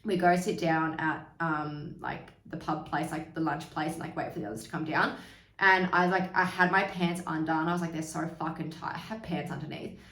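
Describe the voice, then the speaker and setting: Young woman rambling through a story, lowish voice, kinda far from the mic in an echoey room. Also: steady tone, normal speed, fairly bright tone. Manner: chatty and candid, swearing freely, acting out quoted voices. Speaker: podcast host. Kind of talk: candid personal storytelling. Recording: roomy, from away from the mic.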